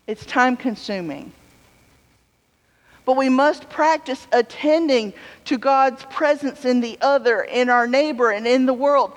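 A woman preacher giving a sermon in a relaxed, conversational way, telling stories with humorous asides. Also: high-pitched. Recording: long hall reverb.

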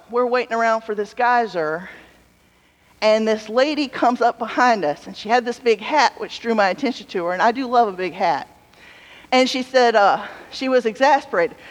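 A woman preacher giving a sermon in a relaxed, conversational way, telling stories with humorous asides. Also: fairly high pitch. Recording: long hall reverb.

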